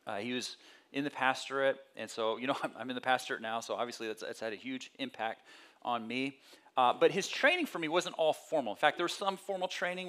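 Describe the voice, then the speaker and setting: A male pastor giving a conversational sermon, telling personal stories and acting out voices with lively energy. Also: mid-range voice. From California. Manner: conversational storytelling with animated quoted voices.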